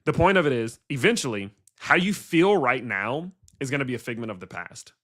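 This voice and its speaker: A male crypto streamer in a loose, rambling rant. He talks bluntly, throws in swear words and keeps asking his audience questions. His voice sits at an ordinary middle pitch. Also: animated, brisk, a bit bright. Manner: blunt and profane, with rhetorical questions to viewers. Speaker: crypto livestream host. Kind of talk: casual livestream rant.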